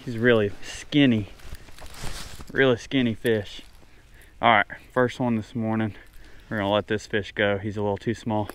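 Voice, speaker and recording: A man narrating a casual fishing vlog from a small boat on a creek, talking excitedly to the fish and his viewers. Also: on the low side, normal speed, pauses often, a little hiss or hum. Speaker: fishing vlogger. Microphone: chest-mounted action camera.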